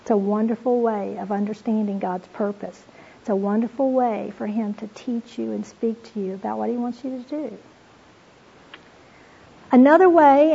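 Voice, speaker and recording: A woman gives a devotional Bible talk, retelling scripture with earnest warmth. Her voice sits a little high and has a husky edge. The recording sounds dull and lo-fi. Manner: earnest storytelling, reads scripture aloud, addresses listeners as "you all". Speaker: Bible teacher.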